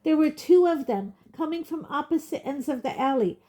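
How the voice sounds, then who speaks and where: A woman's voice: sits high, animated, normal speed, warm tone, pitched above the performer's own voice. A woman reading aloud, voicing an earnest teenage boy pleading his case. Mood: urgent. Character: teenage boy defending himself, urgent.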